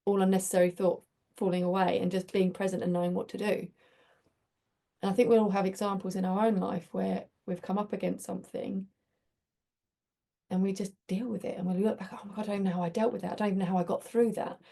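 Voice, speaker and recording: A woman's voice: medium pitch, little pitch movement, quick pace, creaky, warm tone. A woman hosting a community group, talking in a chatty, reflective way and telling stories with many restarts. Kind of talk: casual reflective talk.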